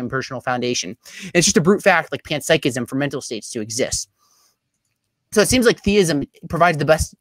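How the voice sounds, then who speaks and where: A young man giving a debate closing statement over a video call, talking rapidly with many fillers and restarts. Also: fairly high pitch, no echo. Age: young adult.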